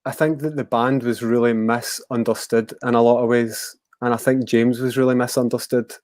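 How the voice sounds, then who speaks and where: A man's voice: medium pitch, level tone, normal speed, a little mellow, no echo. A man with a West of Scotland accent, a musician guest talking casually in a rambling, hesitant way with many fillers. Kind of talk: casual interview chat.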